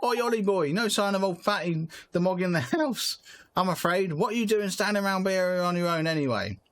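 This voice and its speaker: A man's voice: high voice, very animated, brisk, fairly bright tone, no echo, voice pushed up. A man voicing a cheeky little male fairy sidekick who talks in a blustering, slangy, pushy way.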